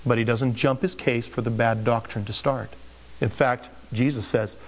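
A man's voice: mid-range voice, moderate pace. A man preaching a sermon as a pastor, conversational and joking, explaining scripture with everyday asides.

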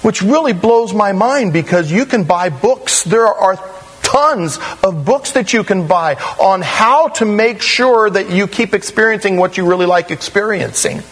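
A man preaching a sermon in a conversational, animated way, with sudden rises in pitch. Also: a little slow, soft background music, rough recording. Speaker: pastor.

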